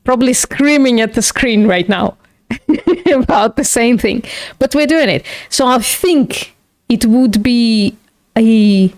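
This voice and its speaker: A woman with a mid-range, darkish voice hosts a live stream while studying logic, chatting casually with viewers. She swears, laughs often and mocks herself, and the audio is clean studio sound with no echo.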